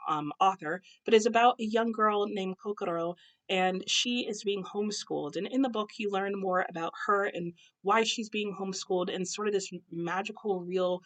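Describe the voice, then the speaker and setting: A young American woman chatting casually to camera about books at home, with many ums and self-corrections. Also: mid-range voice. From United States. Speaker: booktuber. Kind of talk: casual book chat to camera. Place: home, husband cooking nearby.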